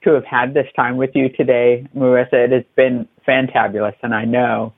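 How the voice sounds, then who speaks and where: A man hosting a podcast interview, effusive and emphatic, piling on warm praise for his guest. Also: medium pitch, flat delivery, fairly quick, gravelly, breathy edge, no room sound. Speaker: podcast host. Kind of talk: conversational interview. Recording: thin phone-like line, dry.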